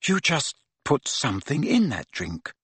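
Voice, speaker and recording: A man's voice: mid-range voice, wildly swooping pitch, measured pace, a bit bright, slightly rough, no echo, exaggerated voice. A man voicing a bossy teenage girl who speaks sharply and scolds. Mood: alarmed scolding.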